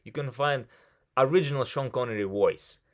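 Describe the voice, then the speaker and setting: A man with a Russian accent leads an English practice session, chatting energetically at an ordinary pitch. He slips into Russian now and then as he coaches. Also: moderate pace. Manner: switches into Russian mid-thought, energetic and chatty. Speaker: English conversation club host. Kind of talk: casual coaching chat.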